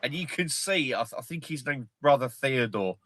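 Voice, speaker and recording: A mid-pitched man chats casually on a livestream, cursing freely and acting out film scenes as he retells them. His voice sits in the middle of the male range. The sound is dry and close, with no room echo. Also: normal speed. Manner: sweary, jokey, retells film scenes excitedly. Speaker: livestream host.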